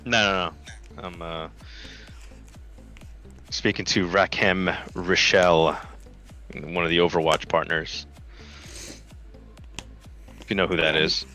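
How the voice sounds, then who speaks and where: A man's voice: level tone, slow, long pauses, sharp tone, soft background music. A man in casual chat who swears freely and rants, his voice climbing when he gets worked up. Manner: ranting, swears, pitch jumps up when worked up.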